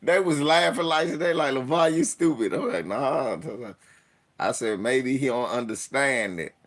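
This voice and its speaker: A podcast host in his forties speaks at a measured pace in a mid-range voice. Laughing frequently, he shares profane stories in casual conversation and mimics the people he quotes.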